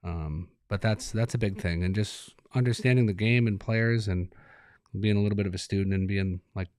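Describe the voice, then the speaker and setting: A low-pitched man talks loosely as an interview guest. His stories ramble and he chuckles through them. The sound is dry and close, with no room around it. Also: normal speed, a little mellow, clean tone, dry recording. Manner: laid-back, rambling, laughs while telling stories. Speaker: hockey coach, guest. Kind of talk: relaxed interview talk.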